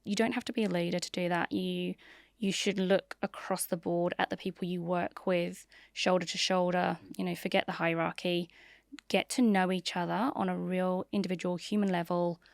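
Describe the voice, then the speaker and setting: Low gravelly woman, candid storyteller. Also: level tone, moderate pace, dry recording. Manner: frank, open, storytelling. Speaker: marketing leader, podcast guest. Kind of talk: candid interview conversation.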